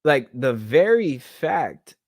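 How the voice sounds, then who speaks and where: A man's voice: mid-range voice, very animated, takes it slowly, darkish tone, no echo, clean studio sound. A young man hosting a podcast monologue, rambling with many restarts and holding back tears. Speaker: podcast host. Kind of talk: casual monologue.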